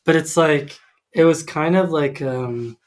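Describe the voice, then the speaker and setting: A man's voice: a little high, measured pace. A man in casual conversation, talking hesitantly with many ums and restarts. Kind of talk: casual chat.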